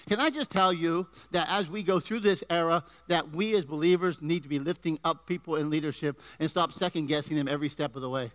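A male pastor delivering an energetic sermon in a church. His voice sits high and sounds bright and forceful, climbing with emphasis. He throws in asides and jokes to the people in the pews. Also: a little fast, hardly any pauses. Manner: energetic preaching with rising emphasis and jokes to the congregation. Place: church before a congregation.

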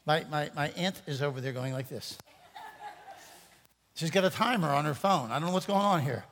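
High-voiced pastor in a reverberant church. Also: male voice, normal speed, vocal fry, fairly bright tone. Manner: playful, self-interrupting, joking with the congregation. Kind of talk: sermon. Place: church sanctuary.

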